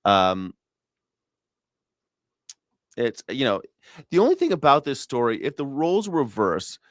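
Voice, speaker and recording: A man's voice: medium pitch, very animated, measured pace, no room sound. A man hosting a show, telling stories in a loose, profane, laughing comedic rant. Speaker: show host.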